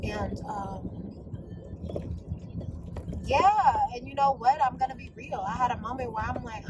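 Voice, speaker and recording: A woman talks straight to her viewers in a casual, confessional vlog. Her voice sits a little high, and she chats in a gushing, lively way. Steady background noise and passing vehicle sounds run under her voice. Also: a little slow, long pauses. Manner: chatty, gushing, addresses viewers as y'all. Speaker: vlogger.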